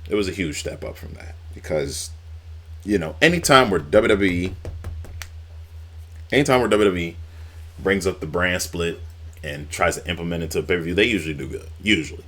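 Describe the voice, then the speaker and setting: A man's voice: low-pitched, animated, a little fast, pauses often, a bit bright. A man casually recapping old wrestling storylines, rambling and swearing now and then. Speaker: wrestling YouTuber.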